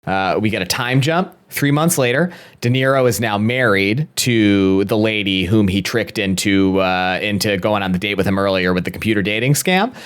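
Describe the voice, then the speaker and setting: A young man with a lowish voice recaps a film plot from his notes on a podcast. His delivery is dry and self-deprecating, and he keeps it casual. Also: moderate pace, clear, resonant tone. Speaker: podcast co-host.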